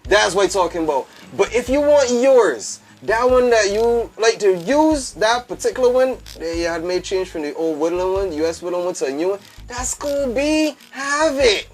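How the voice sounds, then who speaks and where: A man's voice: sits high, expressive, normal speed, hardly any pauses. A man, talking as a guest on a casual show, emphatic and repetitive, calling his host "B" over and over. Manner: emphatic, calls the host "B" again and again, repeats phrases. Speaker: guest fashion entrepreneur. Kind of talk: animated casual talk.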